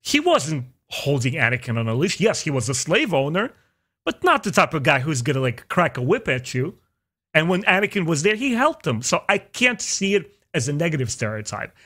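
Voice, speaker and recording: A man hosting a podcast, chatting casually and opinionatedly, his pitch jumping up for emphasis. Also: normal speed. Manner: opinionated, animated, jumps into high pitch for emphasis. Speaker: podcast host. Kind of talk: casual chat.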